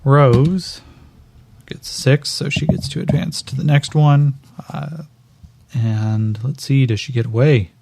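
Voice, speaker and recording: Gravelly man narrating a tabletop game. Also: medium pitch, steady tone, slow pace, darkish tone, slight background noise. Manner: casual, swearing, with many fillers. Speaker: game master.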